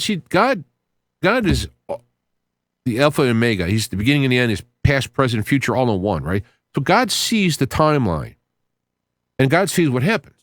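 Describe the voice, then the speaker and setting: A man hosting a podcast, talking casually about scripture in an earnest, rambling way, often restarting his phrases and reading passages aloud, with sudden rises in pitch when excited. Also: no room sound. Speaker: podcast host.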